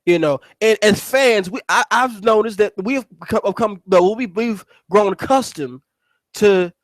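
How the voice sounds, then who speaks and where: A man's voice: high-pitched, a little slow, dry recording, low-quality recording. A man hosting a casual wrestling recap, rambling and cursing as he restarts his sentences. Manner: rambling, profane, repeats words and restarts. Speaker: wrestling show host.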